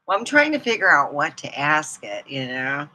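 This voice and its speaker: A woman's voice: low-pitched, sing-song, normal speed, bright, forceful tone, rough recording. A woman vlogger in casual chat, rambling and laughing as she talks. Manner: rambling, chatty, laughs often.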